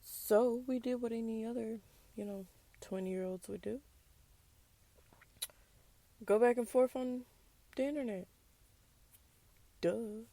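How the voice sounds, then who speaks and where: Woman, young adult, gravelly voice, mellow tone, sassy, candid solo talk. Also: fairly high pitch, slow, long pauses, no room sound. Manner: candid, sassy, drops into whispers for asides. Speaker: podcast host. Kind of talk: casual personal monologue.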